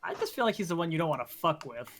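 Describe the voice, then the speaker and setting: A young man co-hosting a gaming podcast, trading deadpan jokes in casual chat. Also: a little high, racing, a little hiss or hum. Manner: joking, deadpan banter. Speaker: podcast co-host.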